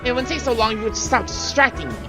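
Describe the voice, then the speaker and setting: A man voicing a stern, disapproving young woman barista in a visual novel, snapping back in sharp, clipped lines. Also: extremely high pitch, animated, rapid-fire, over music, pitched above the performer's own voice. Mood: irritated.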